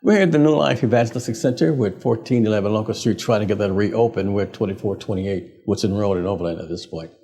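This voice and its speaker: A man hosting a TV talk show, talking in a halting way with many fillers and restarts. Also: on the low side, mellow. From United States. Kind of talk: casual interview talk.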